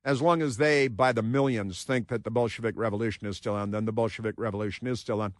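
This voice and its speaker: A man's voice: lowish voice, steady tone, quick pace, dry recording, clean studio sound. A man hosting a talk radio show, monologuing in a mocking, sarcastic way and breaking into put-on voices to mimic others. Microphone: studio mic.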